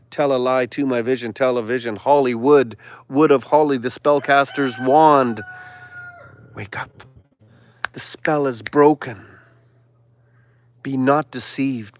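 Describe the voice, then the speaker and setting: A man hosting a live stream, delivering a sarcastic, preachy monologue that now and then drops to a hushed whisper. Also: mid-range voice, unhurried, pauses often. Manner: sarcastic, mocking asides; preachy, sermon-like exhortation.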